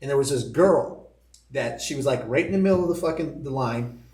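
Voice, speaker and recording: A man's voice: mid-range voice, expressive, a little fast, a little mellow. A man telling profane, laughing stories as a podcast guest in casual chat. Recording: roomy echo.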